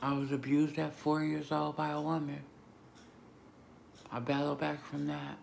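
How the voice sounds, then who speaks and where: A woman vlogger giving an emotional, emphatic personal testimony, moving between hushed and loud moments. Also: low-pitched, completely flat delivery, a little slow, creaky, a little hiss or hum. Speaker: vlogger sharing a personal story.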